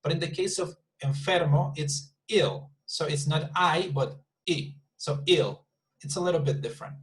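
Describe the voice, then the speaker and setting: Speaking a little quickly in a slightly high voice, a Spanish-speaking man gives an online English lesson over a rough recording. He stays patient throughout, saying things again in different words and making sure learners follow.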